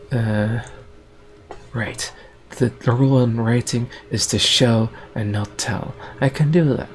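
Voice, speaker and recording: A man improvising a story as he goes, in a rambling, hesitant way. He often restarts and fills pauses, at a mid pitch. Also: slight background noise.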